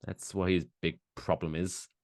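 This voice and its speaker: A man's voice: low voice, level tone, normal speed, a little mellow, dry recording, clean studio sound. A man co-hosting a podcast in casual chat, ranting with plenty of swearing. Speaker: podcast co-host.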